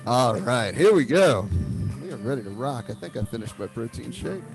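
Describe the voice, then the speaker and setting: A man running a live online tai chi class, chatting casually as he sets up the stream, then calmly cueing posture. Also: medium pitch, normal speed. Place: home room, on a video stream. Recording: live stream audio with music underneath. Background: music playing.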